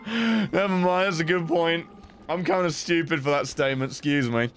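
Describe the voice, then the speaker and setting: A young man streaming live gameplay, swearing constantly, thanking donors and breaking into loud shouts. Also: a little high, a little hiss or hum. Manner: thanks chat donors between fights.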